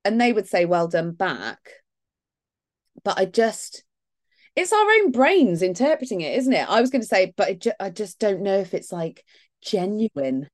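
A woman co-hosting a podcast in casual chat, animated and laughing often, mimicking others. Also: mid-range voice, normal speed. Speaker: podcast co-host.

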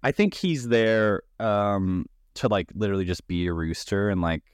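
A man's voice: fairly low pitch, normal speed, clear, resonant tone, dry recording, clean studio sound. A man co-hosting a casual podcast, laid-back and explaining scenes with lots of filler words. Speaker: podcast co-host. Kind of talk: casual movie-review chat.

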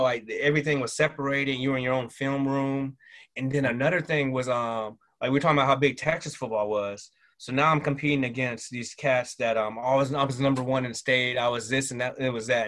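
A middle-aged man telling stories from his past in a relaxed, rambling way, full of fillers and restarts. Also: medium pitch. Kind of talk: casual interview storytelling.

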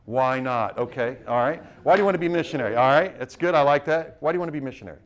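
A man preaching to a missionary class, urging his listeners with rapid rhetorical questions and frequent restarts. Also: medium pitch, lively intonation. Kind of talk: sermon-style teaching.

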